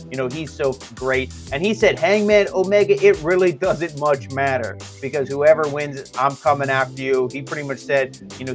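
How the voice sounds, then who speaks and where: A man's voice: fairly high pitch, fairly bright tone. A man reviewing a wrestling show in casual chat, swearing freely and acting out wrestlers' lines. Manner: profane, mimics wrestlers' lines in quotes.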